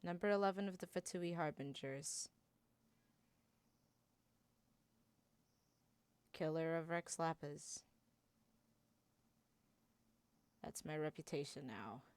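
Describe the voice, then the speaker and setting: A woman voicing a bitter, enraged young male warrior in an improvised fan performance, speaking in halting, stammering bursts. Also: low-pitched, darkish tone, clean tone, no echo. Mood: brooding. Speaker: voice actor.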